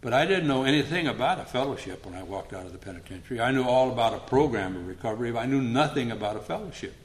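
Older male speaker, plainspoken recovery storyteller with a dry humorous streak, mid-pitched voice. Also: animated, quick pace. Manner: humorous, plainspoken, acts out past conversations.

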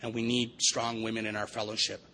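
Brief: a man with a bright voice giving an earnest, evangelical-style recovery talk. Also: fairly low pitch, completely flat delivery, fairly quick, slight background noise, rough recording. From Vancouver area, Canada. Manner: earnest, preacherly, repetitive. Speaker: recovery meeting speaker. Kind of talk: recovery testimony speech.

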